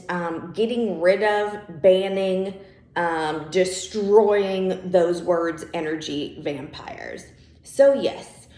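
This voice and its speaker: A woman's voice: medium pitch, darkish tone. Woman coaching in a roomy echo. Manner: conversational, checks in with listeners with "okay?" and "right?". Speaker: spiritual coach and podcast host. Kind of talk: casual spiritual coaching talk.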